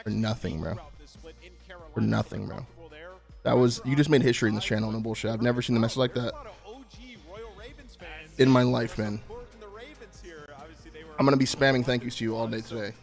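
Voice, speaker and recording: A young man streaming live, talking in a relaxed, profane way while thanking his subscribers. His voice sits at an ordinary middle pitch. Faint music plays underneath. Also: normal speed, creaky, long pauses. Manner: laid-back, profane, constantly thanking subscribers. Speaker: streamer hosting a watch party. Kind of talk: casual live-stream chat.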